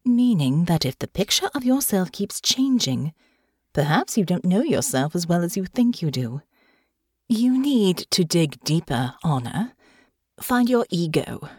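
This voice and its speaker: A woman's voice: fairly low pitch, sing-song, unhurried, a little mellow, dry recording, studio quality, heavily acted. Woman doing a haughty, condescending aristocrat. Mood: cool. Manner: crisp, condescending and clipped.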